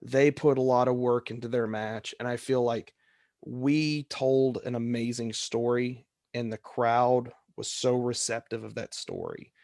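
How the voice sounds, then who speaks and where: A man with a middle-range voice tells a story on a podcast, recorded close and dry with no room sound. He works as a wrestling referee and gets animated, jumping up in pitch when he acts out his counts and calls. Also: a little slow, gravelly, dry recording.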